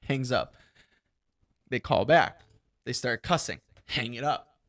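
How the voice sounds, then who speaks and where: A man's voice: medium pitch, measured pace, no room sound, clean studio sound. A young man co-hosting a podcast, telling work stories in casual chat and acting out the quotes with lots of laughter. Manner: animated storyteller acting out quotes, laughing often. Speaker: podcast co-host.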